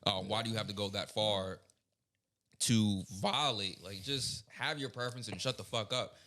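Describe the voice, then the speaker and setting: A man's voice: on the low side, moderate pace, pushed and bright. A young man co-hosting a podcast, ranting bluntly and profanely in casual chat. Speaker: podcast co-host.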